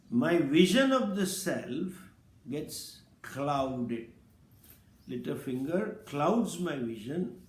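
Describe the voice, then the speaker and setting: A man giving a scripture lecture as a spiritual teacher, speaking slowly and deliberately and explaining Sanskrit terms. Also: fairly high pitch, darkish tone, echoey room.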